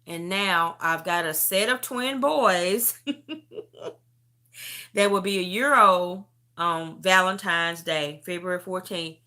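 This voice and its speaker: Woman, middle-aged, live-stream testimony, bright forceful voice, emotional, fighting back tears. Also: on the low side. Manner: animated storytelling, calls the listener "beauty". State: near tears. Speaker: host sharing a personal testimony.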